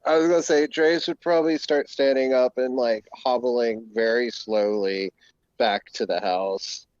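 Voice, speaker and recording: A man's voice: medium pitch, steady tone, darkish tone, no echo. A man playing a tabletop role-playing game who repeats words as he gets going. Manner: repeats words as he starts, halting. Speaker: player. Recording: dry lo-fi mic.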